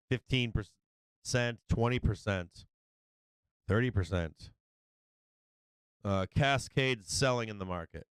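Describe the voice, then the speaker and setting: A man runs a live stock-market stream, excitable and foul-mouthed, saying the same point over and over. His voice is very clean and crisp. The recording is dry and close, with no room sound. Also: mid-range voice, dry recording, low-quality recording. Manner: excitable, profane, repeats himself. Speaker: livestream market commentator. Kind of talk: casual live trading commentary.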